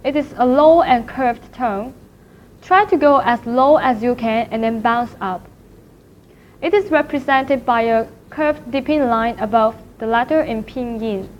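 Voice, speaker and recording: A woman teaching a language class in a recorded lecture, speaking slowly and carefully and repeating each syllable to demonstrate it. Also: fairly high pitch. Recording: dull lo-fi recording with faint noise.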